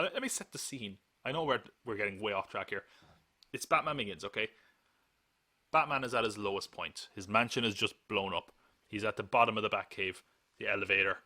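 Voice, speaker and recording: A man with a fairly low voice hosts a live podcast, chatting casually and drifting off track. His tone is sharp and forceful, and the sound is dry and close with no room echo. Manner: rambling, joking, laughs often. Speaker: podcast host.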